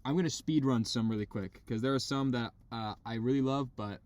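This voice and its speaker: A man co-hosting a podcast from a parked car, chatting casually and excitedly about albums, swearing freely. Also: medium pitch, a little fast. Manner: excitable, swears, imitates vocals. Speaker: podcast co-host. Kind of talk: casual chat.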